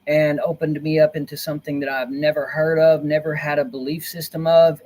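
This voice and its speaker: A man talking casually on a livestream from a dim corner of his room, rambling and repeating himself in an earnest, conspiratorial way. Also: on the high side. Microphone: laptop built-in mic.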